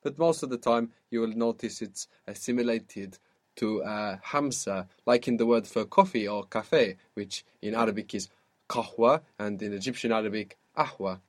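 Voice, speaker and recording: A man's voice: on the low side, moderate pace. Patient male language teacher drilling phrases. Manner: patient, repeats each answer back and explains pronunciation. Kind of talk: spoken language lesson, drilling a student.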